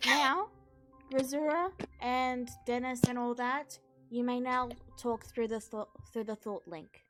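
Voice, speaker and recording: Woman, game master, fairly high voice, playful, hesitant, online voice chat. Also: steady tone, measured pace, a bit bright, soft background music. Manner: playful, giggly, hesitant restarts. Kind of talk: narrating a tabletop game.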